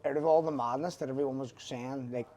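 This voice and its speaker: A man's voice: medium pitch, fairly even intonation, fast talker, mellow. A man with a Northern Irish accent hosting a podcast, telling stories in casual, sweary chat. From Northern Ireland. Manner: sweary, storytelling. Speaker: podcast host.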